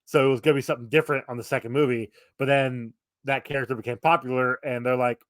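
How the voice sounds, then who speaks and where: Male co-host, laid-back anecdote teller, mid pitch, dry close mic. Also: steady tone, fast, hardly any pauses, fairly bright tone, no room sound. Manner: easygoing, anecdotal storyteller. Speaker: podcast co-host. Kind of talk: casual chat.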